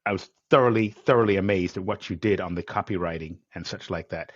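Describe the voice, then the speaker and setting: A man hosting a podcast interview speaks in a fairly low voice, enthusiastic and given to rambling. The sound is dry and dull, like a remote recording without much room to it. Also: fast talker, breathy edge, no echo. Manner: enthusiastic, rambling, acts out quotes. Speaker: podcast host. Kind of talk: conversational interview.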